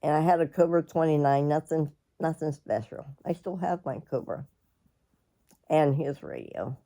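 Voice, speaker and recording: A middle-aged woman, telling a personal story in a rambling, halting way, often clearing her throat. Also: sits low, expressive, warm tone. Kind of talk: casual storytelling.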